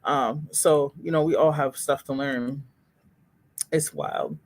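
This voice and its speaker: A woman's voice: deep voice, slow. A woman hosting a livestream in casual chat, speaking candidly and expressively to viewers as she reads their comments. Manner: candid and expressive, exclaims and laughs, talks straight to viewers.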